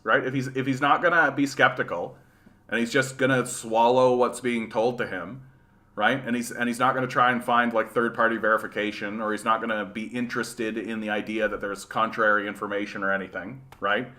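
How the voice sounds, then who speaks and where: A man from rural Manitoba hosting a casual livestream chat. His voice is bright and forward, and he rambles in loose, sarcastic asides, often ending his points with "right?". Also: medium pitch. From rural Manitoba, Canada. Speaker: livestream host. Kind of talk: casual livestream chat reading viewer comments.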